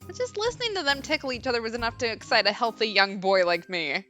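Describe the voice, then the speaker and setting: A woman's voice: on the high side, lively intonation, quick pace, pushed and bright, faint music behind, pitched above the performer's own voice. A woman reading the lines of a nervous, bashful teenage boy, stammering as she reads. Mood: flustered.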